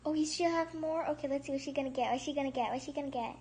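A woman hosting a casual gameplay commentary, excitable and chatty, gasping and squealing at surprises and rambling with restarts. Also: high voice, racing, a little hiss or hum. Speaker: gaming channel host.

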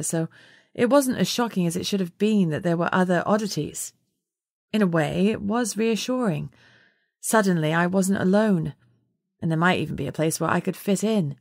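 A woman narrating an audiobook in first person with steady, measured storytelling. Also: lowish voice, creaky, no room sound, studio quality.

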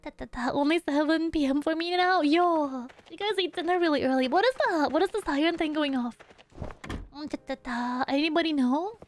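A woman's voice: sits high, fairly quick, faint music behind. A young woman streaming a game, chatting playfully with her viewers and humming little tunes between lines. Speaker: VTuber streamer. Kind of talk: casual gameplay commentary.

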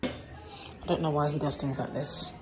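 Young woman, low-pitched, loose and jokey, talking straight to camera. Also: steady tone, measured pace, background noise. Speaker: vlogger. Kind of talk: casual vlog chat. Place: a home indoors.

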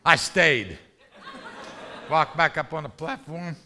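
Animated high-voiced preacher man. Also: slow. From rural ranch background. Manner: animated storyteller, shouts and laughs. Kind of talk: testimony sermon.

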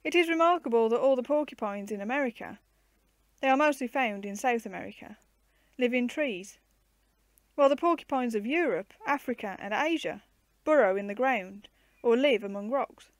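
A woman reading the part of a patient, gently teasing uncle who explains zoo animals to children in a storybook. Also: very high voice, lively intonation, moderate pace, dry recording.

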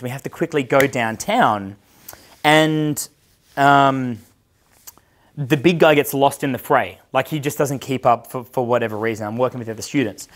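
A man in his thirties with an Australian accent, a dating coach telling a long casual story, swearing constantly and acting out the voices of the people in it. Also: mid-range voice. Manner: profane, animated, acts out quoted voices.

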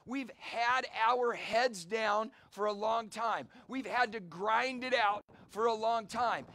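A middle-aged male pastor preaching an energetic, storytelling sermon outdoors and calling for amens. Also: extremely high pitch. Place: outdoor church service.

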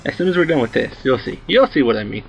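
A man in his twenties rambling through a story while commenting on his gameplay, excitable and swearing freely. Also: mid-range voice, quick pace, gravelly, a little hiss or hum, rough recording. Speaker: let's play host.

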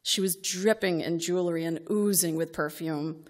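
A woman's voice: fairly low pitch, steady tone, moderate pace. A middle-aged woman reading a comic personal story aloud to a live audience, wry and exasperated, building to outbursts.

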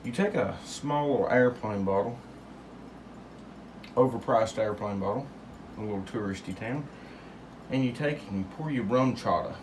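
A man's voice: on the low side, moderate pace, pauses often, darkish tone, slight background noise. A man hosting a casual home cocktail demonstration, rambling and joking in drawled asides, recorded in a home kitchen. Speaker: home cocktail show host.

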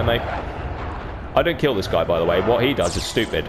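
Speaking briskly with lively intonation in a fairly low voice, this gaming YouTuber narrates his own gameplay. He's easygoing, swears constantly, and imitates others. The recording carries noticeable background noise.

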